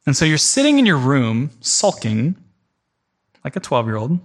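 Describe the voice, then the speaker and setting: A man's voice: on the high side, huge pitch swings, moderate pace. A man teaching a church class in a conversational way, telling a vivid everyday story in the second person and speaking directly to the people in the room. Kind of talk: conversational teaching before a congregation.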